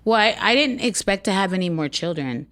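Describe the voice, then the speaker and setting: A woman's voice: medium pitch, lively intonation, a little fast, a bit bright. Blunt, earnest middle-aged woman. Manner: earnest, blunt, swears freely. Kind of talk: casual podcast chat.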